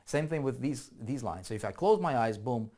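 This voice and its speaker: A man walks viewers through a screen-share lesson on online marketing, talking in an easygoing way as he works. He thinks aloud and keeps checking in with "right?" and "okay?". His voice sits at an ordinary middle pitch, with keyboard typing in the background. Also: animated, normal speed, mellow. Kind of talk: screen-share tutorial walkthrough.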